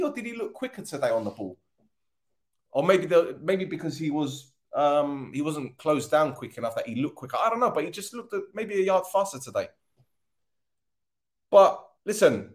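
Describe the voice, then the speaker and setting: Casting: male podcast host, fed up after a loss, sarcastic, swears freely. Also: medium pitch. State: tired. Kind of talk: casual post-match rant.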